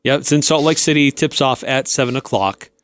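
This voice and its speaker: Male radio co-host, measured and even, mid-range voice, dry booth sound. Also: medium pitch, no echo. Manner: measured, plugs the station's schedule. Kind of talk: casual sports talk.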